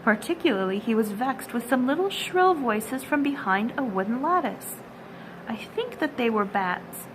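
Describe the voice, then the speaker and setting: A woman reading a classic children's story aloud at a storytime, gentle and expressive. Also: fairly high pitch, background noise. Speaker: storytime reader.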